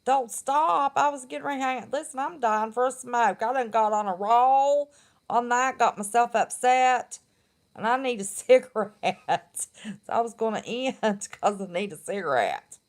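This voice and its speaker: A woman's voice: a little high, normal speed. A middle-aged woman, chatting casually and bluntly on her live stream and laughing often. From West Virginia.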